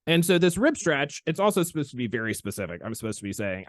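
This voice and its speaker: A man hosting a chiropractic podcast tells a story with lively, expressive swings in his delivery. His voice sits at an ordinary pitch, and the recording is dry and close, with no room echo. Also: fast, few pauses. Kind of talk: casual storytelling chat.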